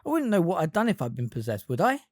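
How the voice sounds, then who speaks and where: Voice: mid-range voice, big pitch swings, moderate pace, warm tone, dry recording, clean studio sound. A fan reader voicing a tense, defensive teenage boy wizard. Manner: defensive, breathless.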